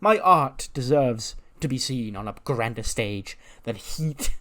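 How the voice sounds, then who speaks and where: A man's voice: medium pitch, animated, slow pace, sharp tone. A man voicing an arrogant, self-important female wrestling star who brags and complains, ending lines with "okay?". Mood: boastful. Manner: boastful, complaining, repeats "okay?".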